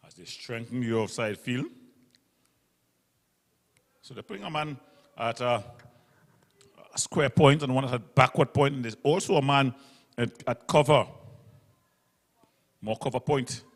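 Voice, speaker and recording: A man calling a local cricket match ball by ball, brisk and methodical as he walks through the field placings. His voice trails a long reverb. He sits at a mid pitch. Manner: brisk, describes field placings, self-corrects. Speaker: cricket commentator. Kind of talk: live ball-by-ball commentary. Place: local cricket ground broadcast.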